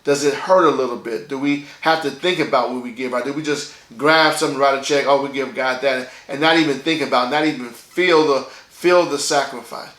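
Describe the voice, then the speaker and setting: A man's voice: mid-range voice, a little fast, few pauses, a bit bright, roomy sound. A man delivering a sermon as pastor, in a conversational style, checking in with his listeners by asking "okay?" again and again.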